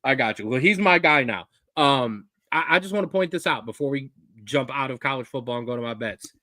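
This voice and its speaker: A man's voice: mid-range voice, animated, fairly quick, pushed and bright, dry recording, studio quality. A man co-hosting a casual sports chat show, talking in a fired-up, ranting way. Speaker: co-host.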